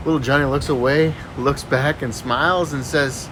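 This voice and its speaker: A man casually telling jokes, animated and acting out the characters. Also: mid-range voice, moderate pace, background noise. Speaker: joke teller.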